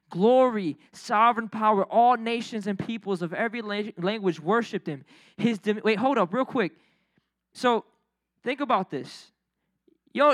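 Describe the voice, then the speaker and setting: A young adult man preaching a sermon in an energetic, conversational way, full of slang and quick asides. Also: very high voice, dry recording. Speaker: pastor.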